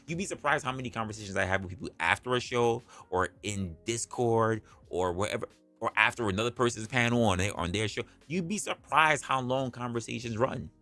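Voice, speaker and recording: A man's voice: mid-range voice, expressive, brisk, bright, forceful tone, soft background music. A man hosting a livestream, talking bluntly and casually with plenty of profanity. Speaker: livestream host.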